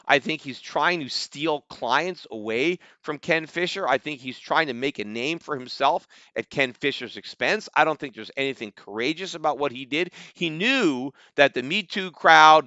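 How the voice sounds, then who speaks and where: A man's voice: fairly high pitch, bright, forceful tone, no room sound, lo-fi sound. A middle-aged American man hosting a podcast, giving combative, sarcastic solo commentary and often asking "right?". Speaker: podcast host.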